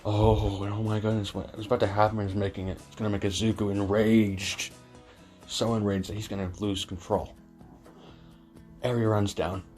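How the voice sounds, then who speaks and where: Rambling low-voiced man telling a story. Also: little pitch movement, moderate pace, a little mellow, faint music behind. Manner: rambling, many fillers and self-corrections. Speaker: fan storyteller. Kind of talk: improvised fan-fiction storytelling.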